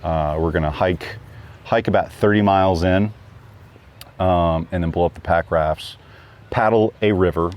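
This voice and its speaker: Low-voiced man chatting, rambling. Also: a little slow, darkish tone. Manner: rambling, many fillers and restarts. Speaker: guest hiker. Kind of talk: casual chat.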